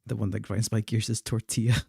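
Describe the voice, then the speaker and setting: A man's voice: lowish voice, little pitch movement, a little fast, gravelly, darkish tone, breathy edge, no echo, studio quality. A young man chatting casually while he plays a game, stumbling over and repeating his words. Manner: chatty, stammers and repeats words, laughs often. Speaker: gaming streamer. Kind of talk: casual chat while playing.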